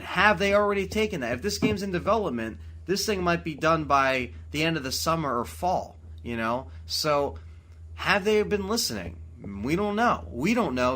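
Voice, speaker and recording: A man hosting a late-night gaming podcast, excitable and swearing freely, tired at four in the morning. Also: medium pitch, slight background noise. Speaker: podcast host.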